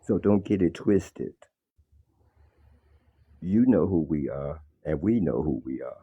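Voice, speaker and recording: Deep, dark-voiced man in his sixties from Chicago. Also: animated, takes it slowly, husky. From Chicago, Illinois. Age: 60s. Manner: preachy, insistent, repeats "let me tell you". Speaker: caller. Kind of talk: call-in talk on a livestream. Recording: dull lo-fi call audio.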